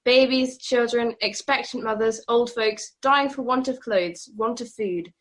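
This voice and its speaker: A woman's voice: fairly high pitch, measured pace, a bit bright. An actress playing an earnest female doctor making an urgent, pleading charity appeal on old-time radio. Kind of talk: 1940s radio acting.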